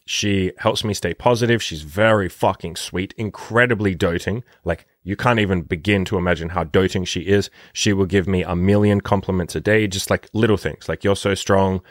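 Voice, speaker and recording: A man's voice: low voice, fairly even intonation, normal speed, hardly any pauses, dry recording, studio quality. A young man talking bluntly and profanely in a casual vlog monologue, rambling with lots of fillers. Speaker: dating coach.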